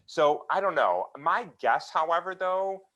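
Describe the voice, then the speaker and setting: A man takes questions in a relaxed talk and answers with real force, his pitch leaping around as he presses a point. He restarts sentences and drops fillers as he thinks aloud, heard over a video call. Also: unhurried, highs cut off. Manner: animated, emphatic, many fillers and restarts. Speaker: guest speaker. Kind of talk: conversational Q&A talk.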